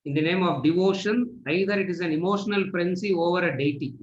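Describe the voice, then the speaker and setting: A man gives a lecture to students, asking rhetorical questions and answering them. His voice sits a little high for a man. The recording carries a noticeable room echo. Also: fast talker, dull audio. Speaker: spiritual teacher. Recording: echoey room.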